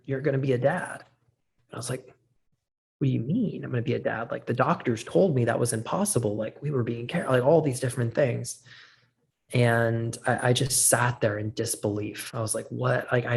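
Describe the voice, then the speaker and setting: A man's voice: medium pitch, vocal fry, a little mellow. A man, a podcast guest, telling a personal story in a casual interview, earnest and candid, with frequent filler words.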